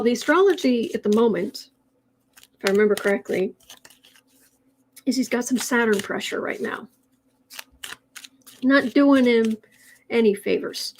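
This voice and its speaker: Higher-pitched woman, chatty astrology stream host who rambles with restarts. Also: a little hiss or hum, low-quality recording. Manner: chatty, rambling, with frequent restarts and soft laughs. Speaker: tarot and astrology livestream host. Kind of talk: casual livestream chat, reading viewer comments.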